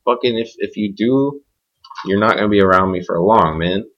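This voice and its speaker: In a dull, lo-fi home recording, a man hosts his own podcast with a rambling solo rant that's blunt and full of swearing. His voice sits on the low side and he talks at normal speed, unscripted.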